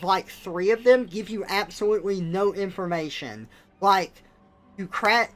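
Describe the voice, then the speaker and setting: A young man on a live stream, ranting bluntly and with exasperation, swearing now and then. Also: sits high. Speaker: livestreamer. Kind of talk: casual live-stream rant.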